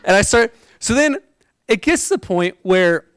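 A young man preaching a sermon, telling a personal story in a chatty, animated way with plenty of "like" and laughter. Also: high voice, moderate pace, smooth, dry recording, poor audio.

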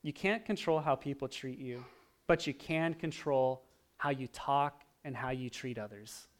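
A man preaching a sermon, animated, swinging from loud emphasis to hushed, quiet asides. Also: mid-range voice, measured pace. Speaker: pastor.

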